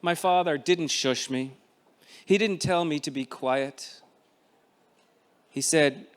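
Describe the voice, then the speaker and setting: A man in his fifties with an Irish accent reads his own memoir aloud. His voice sits a little high for a man. He reads in a measured, expressive way with frequent pauses. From Ireland. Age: 50s. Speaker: author.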